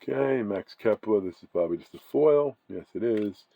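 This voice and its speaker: A man's voice: fairly low pitch, animated, normal speed, gravelly, no echo, lo-fi sound. A man casually chatting as he opens trading card packs, rambling and often correcting himself. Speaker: card-breaking channel host. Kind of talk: casual chat while opening card packs.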